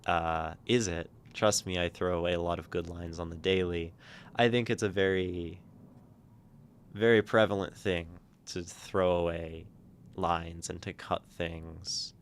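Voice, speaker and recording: A man hosting a livestream, chatting casually and thoughtfully with many halting restarts. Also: sits low, steady tone, a little hiss or hum. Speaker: livestream host reading community poetry.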